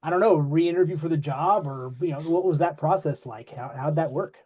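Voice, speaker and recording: Man, podcast host, halting questions, mellow husky voice. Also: on the high side, dull audio. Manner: halting, rephrases his questions. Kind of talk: casual interview questions.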